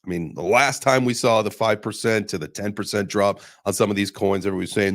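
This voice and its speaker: Deep-voiced young guy hosting a podcast, swears a lot, dry close mic. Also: steady tone, fast, few pauses, a bit bright, no echo. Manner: loose, profane banter. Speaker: crypto show host. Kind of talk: casual podcast chat.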